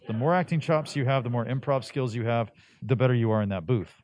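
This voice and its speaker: A man, a voice actor, chatting casually in an interview, loose and animated, with many restarts. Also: medium pitch, fast. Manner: animated, laid-back, rambling with restarts. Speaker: voice actor guest.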